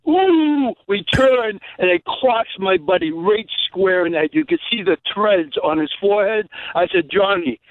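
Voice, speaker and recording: A male caller rambles through one anecdote after another, hopping topics. His voice is quite high for a man. It comes through a tinny, narrow phone line with a dry sound. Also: moderate pace, hardly any pauses, no echo. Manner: rambling, jumps between anecdotes. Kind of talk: phone-in storytelling.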